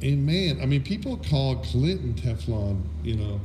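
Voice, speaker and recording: A man's voice: medium pitch, sing-song, a little slow, warm tone, a little hiss or hum. A middle-aged man hosting a casual political chat, talking bluntly and swearing freely as he rants his opinions. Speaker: podcast host.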